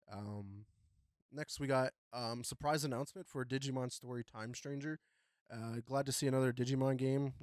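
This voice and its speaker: A young man hosting a podcast runs through gaming news in a loose, rambling way, with lots of fillers along the way. His voice sits at a middle pitch, and it is recorded close and dry with no room sound. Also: no echo. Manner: relaxed, rambling with many fillers. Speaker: podcast host. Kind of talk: casual gaming news chat.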